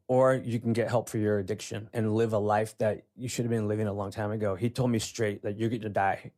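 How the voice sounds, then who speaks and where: A man's voice: lowish voice, a little mellow. Plain-spoken man telling his story. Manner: plain-spoken, with frequent "you know" fillers. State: emotional, near tears at times. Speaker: podcast guest. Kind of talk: personal story, interview.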